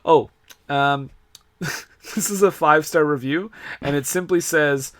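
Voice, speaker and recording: A man's voice: fairly high pitch, slow, a bit bright, dry recording. A man co-hosting a casual podcast, reading viewer reviews aloud with amused disbelief and frequent laughter. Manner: amused, incredulous, laughs often. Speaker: podcast co-host.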